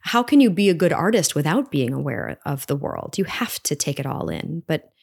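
Low-voiced woman in her forties. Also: normal speed, gravelly, breathy edge. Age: 40s. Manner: earnest, animated, talks through her doubts. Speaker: guest, stage performer. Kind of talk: reflective interview conversation.

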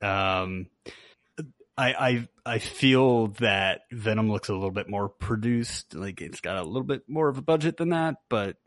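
A man's voice: on the low side, expressive, measured pace. A man co-hosting a podcast in casual chat, laid-back and hesitant with plenty of fillers. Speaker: podcast co-host.

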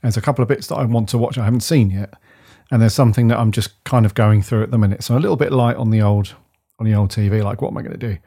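Mellow, husky male podcast co-host. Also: on the low side, rapid-fire. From United Kingdom. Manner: rambling, enthusiastic, trails off softly. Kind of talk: casual chat.

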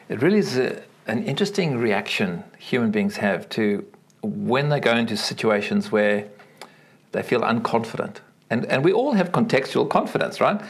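Lively Australian man telling stories. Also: vocal fry, slightly rough. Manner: acts out quoted voices with big pitch swings, repeats words. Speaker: keynote speaker, guest. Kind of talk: animated storytelling in an interview.

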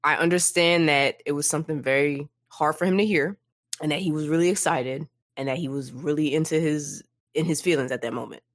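Low-voiced woman chatting about a book. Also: dry recording, clean studio sound. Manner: animated, acts out characters in quick asides. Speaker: podcast co-host. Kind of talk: casual book discussion podcast.

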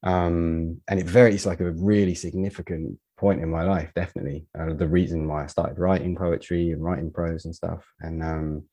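Low, dark, husky-voiced man. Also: little pitch movement. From United Kingdom. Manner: reflective, halting, many fillers. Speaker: poet guest. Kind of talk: casual podcast conversation.

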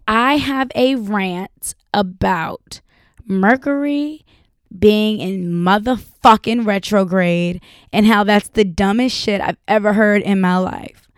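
A woman's voice: mid-range voice, smooth, dry recording, clean studio sound. A young woman hosting a solo podcast, talking bluntly with lots of profanity and frequent laughter. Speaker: podcast host.

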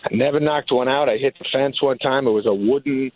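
Through narrow, tinny audio comes a middle-aged man with a New England accent, a guest spinning animated stories and imitating his parents' voices in casual chat. He speaks fairly quickly in a medium-pitched, creaky voice.

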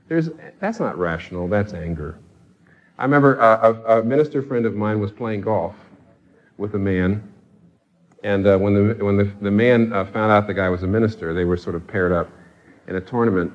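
A man's voice: fairly low pitch, normal speed. Impassioned male preacher, dull recording. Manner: impassioned, with pointed rhetorical questions. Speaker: pastor. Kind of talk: sermon.

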